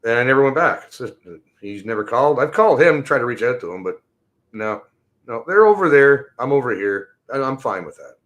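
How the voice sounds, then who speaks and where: A man's voice: mid-range voice, sing-song, a little fast, a bit bright. A man ranting casually and bluntly on a livestream, swearing often and drifting from topic to topic. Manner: profane, rambling and blunt. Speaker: livestream host.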